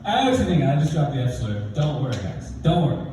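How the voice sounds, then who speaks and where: A young man telling a stand-up story, animated, jumping into high and low voices for the people he quotes. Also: very fast, noisy background. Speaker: stand-up comedian. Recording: roomy hall, mic from a distance.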